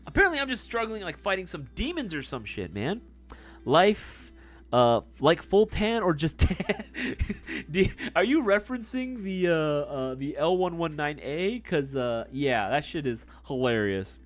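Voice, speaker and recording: A man's voice: a little high, big pitch swings, unhurried. A young man hosting a casual livestream, reading chat questions, laughing often, swearing freely and calling people bro. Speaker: livestream host answering chat. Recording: faint music behind voice.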